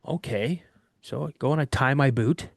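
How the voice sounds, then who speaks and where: Animated man telling a story. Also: medium pitch, moderate pace, vocal fry, dry recording, studio quality. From Washington state. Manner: animated, vivid retelling with frequent restarts. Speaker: guest telling an encounter story. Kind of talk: casual first-person storytelling.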